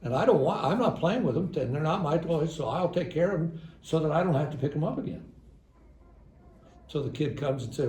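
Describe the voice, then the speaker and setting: This older man, a psychologist speaking at a church parenting seminar, keeps it conversational with wry, ironic jokes. His fairly high voice is expressive, brisk, and slightly mellow, captured in a hall that echoes with faint room noise.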